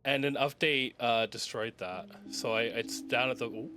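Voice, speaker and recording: Young guy streaming a game, rambling and cussing, mid pitch, game music under him. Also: moderate pace. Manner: rambling, swears often, mutters to himself. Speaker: streamer playing a video game. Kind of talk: casual let's-play commentary.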